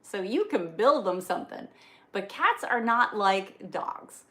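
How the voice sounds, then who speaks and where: A woman's voice: mid-range voice, very animated, measured pace, fairly bright tone. A woman from the Northeast US, live-streaming and chatting casually with viewers, with frequent fillers and restarts. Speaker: livestreamer. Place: indoors on a farm, rainy day.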